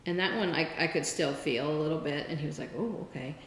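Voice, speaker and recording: A woman's voice: low-pitched, fast, slight background noise. Chatty woman in a reverberant room. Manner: chatty storyteller, acts out quoted voices. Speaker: podcast co-host. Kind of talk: casual chat. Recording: roomy with long reverb.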